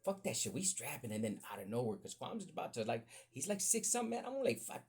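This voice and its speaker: A man with a gravelly, husky voice tells a rambling story full of swearing. He talks casually, and his voice climbs high when the story heats up. His pitch sits in a middle range. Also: fast. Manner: profane, animated storytelling that jumps up high in pitch when excited. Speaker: podcast host.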